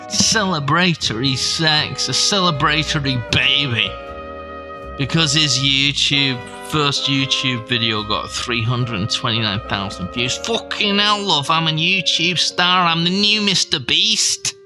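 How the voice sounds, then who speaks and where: A man giving profane, sardonic reaction commentary as a YouTube host. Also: mid-range voice.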